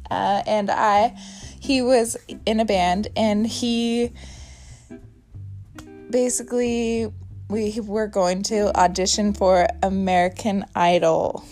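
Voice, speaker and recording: A woman's voice: mid-range voice, fairly even intonation, slow pace, darkish tone, faint music behind. A woman in her thirties hosting a casual podcast from her bedroom, talking in a chatty, candid way and swearing freely. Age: 30s. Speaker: podcast host. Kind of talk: casual chat.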